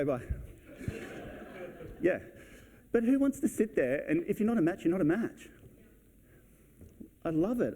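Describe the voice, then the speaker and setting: Brisk, blunt man. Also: medium pitch, warm tone, a little hiss or hum. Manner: brisk, blunt, acts out client conversations. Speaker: real estate agent giving a talk. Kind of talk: conference talk. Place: event hall.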